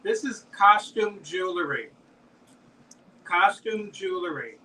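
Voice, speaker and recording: A man's voice: high voice, expressive, slow, pushed and bright, distant mic, poor audio. A man hosting a live-stream jewelry auction, chatting as he describes pieces and calls out bids. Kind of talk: live auction selling chat.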